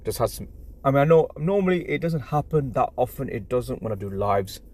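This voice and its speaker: A man's voice: medium pitch, animated, fairly quick, a little mellow. A man with an English accent chatting casually on a live stream from his phone, stumbling over his words and repeating himself. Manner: stammering, repeats words, rambling and apologetic.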